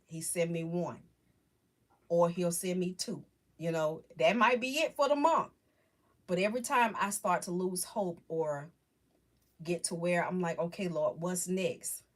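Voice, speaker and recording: A woman hosting a casual live chat with viewers, talking about faith in a halting, rambling, heartfelt way. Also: on the low side, steady tone. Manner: halting, rambling, restarts often. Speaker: livestream host chatting with viewers.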